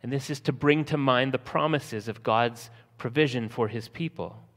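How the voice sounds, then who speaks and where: A man preaching a sermon, slowing for emphasis and acting out scenes from the text in lively voices. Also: mid-range voice, long reverb tail. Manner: lively storytelling, acting out disciples' panic in a raised voice. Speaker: pastor.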